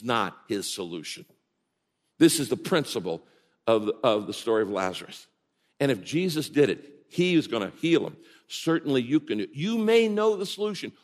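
A man preaching a sermon as pastor, animated and swinging from loud, high emphasis to hushed words. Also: long reverb tail.

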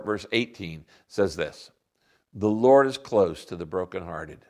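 A man preaching a sermon as pastor, earnest, slowing down to stress key lines. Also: medium pitch, creaky. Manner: earnest preaching, slows down for emphasis.

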